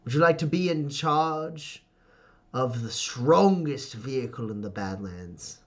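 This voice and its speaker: A man doing a smug, domineering older father of a clan, who barks orders and talks down to his people. He speaks in a pushy, raised voice, and his pitch climbs when he commands. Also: lively intonation, slow pace. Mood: commanding.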